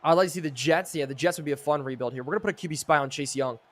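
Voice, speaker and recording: Racing along in a fairly high voice, a young man livestreams a football video game. He excitably comments on the plays and reads chat aloud.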